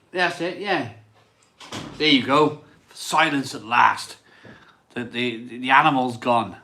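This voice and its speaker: A beer channel host reads his live chat aloud on a casual stream, chatty and rambling, repeating himself and laughing often. His mid-range voice is expressive, pushed and bright, unhurried with long pauses.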